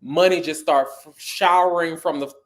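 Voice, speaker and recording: Animated sassy man telling stories. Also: moderate pace. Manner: animated, sassy, acts out quotes in a high voice. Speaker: guest. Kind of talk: casual storytelling interview.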